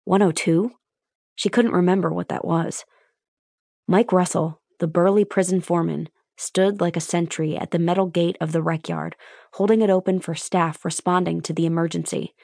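Low-voiced woman narrating an audiobook. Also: fairly even intonation, moderate pace, gravelly, darkish tone, dry recording, studio quality. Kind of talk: scripted narration.

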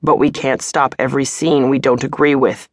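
A woman's voice: rumbling low, fairly even intonation, normal speed, no echo, clean studio sound. A woman voicing a brusque male security overseer in an audiobook, speaking firmly and curtly.

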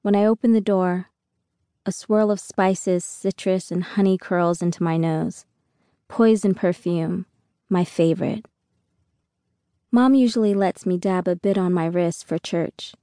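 A woman narrating a first-person audiobook in an unhurried, reflective way. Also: on the low side, mellow, dry recording, studio quality.

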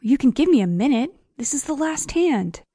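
A woman's voice: high voice, very animated, moderate pace, mellow, dry recording, studio quality, pitched above the performer's own voice. A woman voicing a nervous, wiry young male grad student in an audiobook, evasive and flustered.

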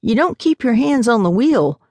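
A woman's voice: on the high side, big pitch swings, moderate pace, a little mellow, no room sound, voice pushed up. A woman voicing a nervous, fussy man who nags his mother and partner. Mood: anxious. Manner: nagging, worried. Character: anxious, fussy grown son.

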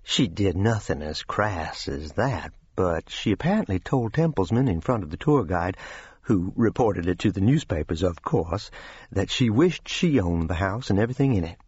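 Male narrator as a composed Southern-gentleman storyteller, dry and amused, low husky voice, audiobook. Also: moderate pace, no room sound, dull audio. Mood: calm. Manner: calm, controlled, dryly amused. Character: calm, genteel older Southern gentleman storyteller.

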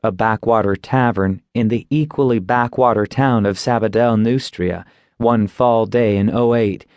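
A man narrating a fantasy audiobook in a wry, unhurried storytelling manner. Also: fairly low pitch, a little mellow, no echo.

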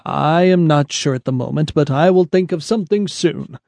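A man doing a deep-voiced wise old stallion. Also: normal speed, vocal fry, dry recording. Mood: reassuring. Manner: calm, reassuring.

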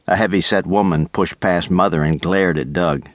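A middle-aged man narrating a children's audiobook with lively, expressive storytelling on a close studio mic. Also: low voice, normal speed, hardly any pauses, dry recording. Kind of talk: scripted narration.

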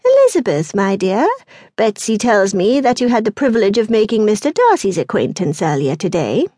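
A woman reading an audiobook, voicing an effusive, gossipy aristocratic lady who chatters on without pause. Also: big pitch swings, mellow, no echo, studio quality. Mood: eager, gushing. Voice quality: high, chattering, breathless.

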